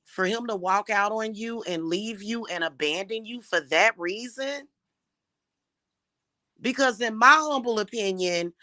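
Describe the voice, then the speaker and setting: Sassy woman ranting love advice, sharp bright voice, swears a lot, dry close sound. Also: mid-range voice, dry recording. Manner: blunt, emphatic, swears freely. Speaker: spiritual advisor giving love advice. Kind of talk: casual monologue.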